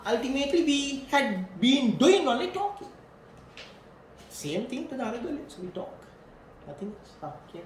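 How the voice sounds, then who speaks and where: Animated Sri Lankan man lecturing. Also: very high-pitched, normal speed, roomy sound, a little hiss or hum. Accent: Sri Lankan English. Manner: animated, repeats key phrases, asks students questions. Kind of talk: classroom lecture with questions to students.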